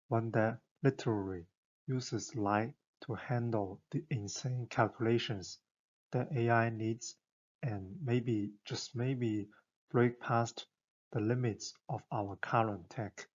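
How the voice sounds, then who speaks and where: A man narrates an explainer in an enthusiastic, conversational way, posing rhetorical questions as he goes. His voice is husky and unhurried. The recording sounds a little dull and lo-fi. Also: medium pitch, steady tone, a little mellow.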